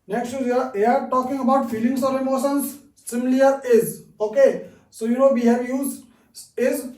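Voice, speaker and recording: A man teaching a beginners' grammar lesson, patient and slow, repeating each example sentence and saying "okay" often. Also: very high-pitched, steady tone, darkish tone, roomy sound, distant mic, poor audio. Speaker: English teacher.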